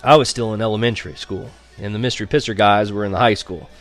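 A man's voice: lowish voice, fast talker, dry recording, faint music behind. Wry young man narrating a story. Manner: wry, conversational storytelling with character voices. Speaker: audiobook narrator. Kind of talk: scripted first-person narration.

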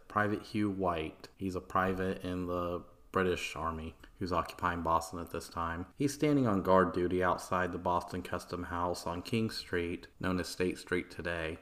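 Brief: male podcast host, very low voice, casual and profane history storytelling. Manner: loose, profane, conversational storytelling.

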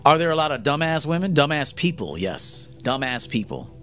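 A man's voice: a little high, very animated, normal speed, fairly bright tone, soft background music. A man giving a blunt, profane lecture to men as a dating coach on a livestream.

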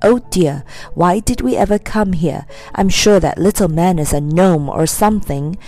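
A woman's voice: on the low side, normal speed, warm tone, faint music behind. A woman voicing a frightened, pleading young girl in a storybook reading. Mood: worried. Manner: worried, pleading.

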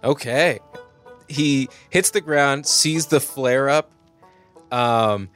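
Man player, halting, filler-heavy, soft music bed under him. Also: medium pitch. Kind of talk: describing his character's actions in a tabletop game.

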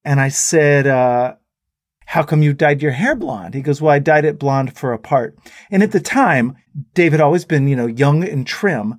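A man's voice: a little high, normal speed, no room sound, studio quality. A man as a guest on a talk show, telling anecdotes and quoting the people in them. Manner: animated anecdotes with quoted voices. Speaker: musician guest. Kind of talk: casual storytelling interview.

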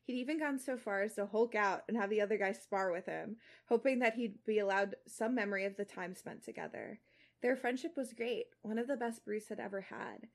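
A woman's voice: mid-range voice, fairly quick. A young woman podcast co-host reading fan fiction aloud and chatting animatedly, full of fillers.

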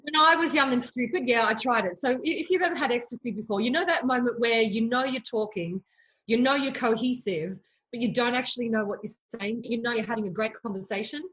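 A woman's voice: on the high side, quick pace, a bit bright, poor audio. A woman, a medium telling candid, funny stories in a casual chat. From Australia. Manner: candid, storytelling, acts out voices in her anecdotes. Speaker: medium, guest.

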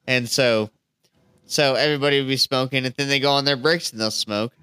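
A man's voice: medium pitch, fairly even intonation, a little fast, bright, forceful tone, smooth, no room sound. A man co-hosting a podcast, telling rambling, profane stories in casual chat. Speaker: podcast co-host.

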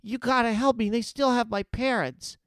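A man's voice: very high-pitched, fairly even intonation, normal speed, a bit bright, no room sound, voice pushed up. Man doing a stammering scared boy. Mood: frightened. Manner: stammering, breathless. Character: frightened young boy, stammering.

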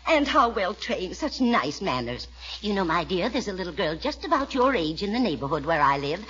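A woman's voice: lowish voice, very animated, fairly bright tone, husky, heavily acted. An actress playing a fussy older mother who gushes and talks down to everyone, in 1940s radio acting style. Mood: gushing. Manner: gushing, drawn-out, talks down to others. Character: fussy, gushing older mother, sweetly condescending. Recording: dull old radio recording.

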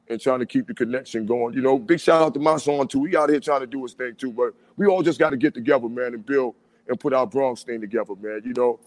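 A man in casual chat, talking in an animated, street-style way and often asking "you know what I'm saying". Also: mid-range voice, no room sound.

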